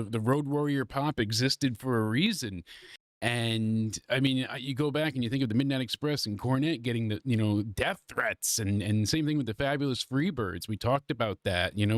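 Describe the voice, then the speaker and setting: A man's voice: medium pitch, no echo, studio quality. A congested man hosting a live stream, talking loosely and profanely in casual chat. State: congested from allergies. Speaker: wrestling review livestream host.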